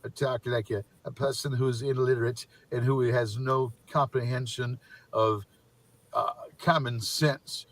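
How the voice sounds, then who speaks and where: A man's voice: medium pitch, fairly even intonation, a little slow, close to an everyday voice. A man putting on a mocking voice as a rambling, repetitive internet troll. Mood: droning mockery. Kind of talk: mocking parody monologue.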